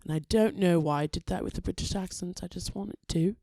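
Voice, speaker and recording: A woman's voice: fairly low pitch, a little fast, mellow, no echo, clean studio sound. A woman hosting a podcast on her own, chatting casually and thinking aloud as she introduces songs. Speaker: podcast host. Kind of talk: casual solo podcast chat.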